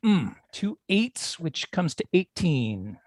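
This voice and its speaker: A man's voice: on the high side, sing-song, slow pace, dry recording, clean studio sound. A man playing a tabletop game, matter-of-fact as he counts up his dice rolls aloud. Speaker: player. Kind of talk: casual tabletop game play.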